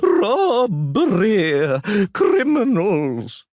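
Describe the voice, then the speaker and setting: A man playing a shrill, pompous town official. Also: wildly swooping pitch, measured pace, slightly rough, dry recording, studio quality, heavily acted. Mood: indignant. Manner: crowing, shrill shouting.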